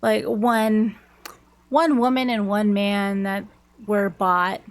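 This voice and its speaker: A woman's voice: medium pitch, steady tone, slow. A woman voicing a nonchalant male surgeon who talks casually about organ shipments, in an offhand, easygoing way.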